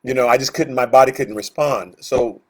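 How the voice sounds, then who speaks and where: A man's voice: medium pitch, normal speed, a little mellow. A man leading a Bible study, teaching in a conversational way, with lots of fillers, who acts out the voices in the stories he retells.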